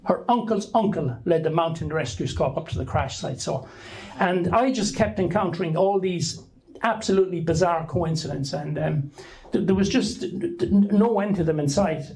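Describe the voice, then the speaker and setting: A middle-aged Irish author speaks at a book launch, telling the audience a rambling, anecdotal story and frequently starting his sentences over. His voice sits on the high side, gravelly and a little mellow, at a moderate pace, and the recording is rough.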